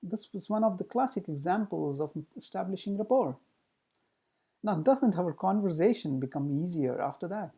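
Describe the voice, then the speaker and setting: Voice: expressive, normal speed, slightly rough. A communication trainer giving a recorded training talk, explaining with rhetorical questions. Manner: demonstrates pitch, pace and loudness with the voice.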